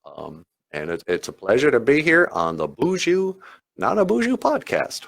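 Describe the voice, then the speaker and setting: A man's voice: mid-range voice, wildly swooping pitch, moderate pace, creaky, fairly bright tone, heavily acted. A man voicing a shy, polite brother who runs the controls, speaking hesitantly in a comedic podcast skit.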